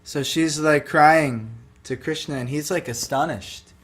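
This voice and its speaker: A man's voice: on the high side, measured pace. A man giving a devotional talk, retelling a sacred story in a loose, conversational way full of "like" and "you know". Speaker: devotional speaker.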